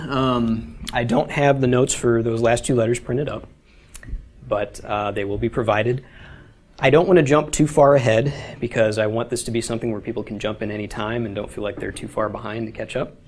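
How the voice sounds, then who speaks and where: In an informal classroom lecture, a man teaching beginners Hebrew walks through things step by step, often asking "okay?". He speaks at a moderate pace in a medium-pitched, darkish voice.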